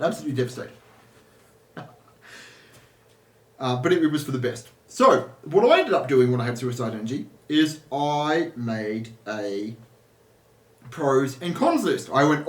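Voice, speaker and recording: A man's voice: mid-range voice, animated, moderate pace, echoey room. A man talking casually as an energy healer, rambling with restarts and asides. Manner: rambling, with many restarts and laughs. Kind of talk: casual spoken monologue.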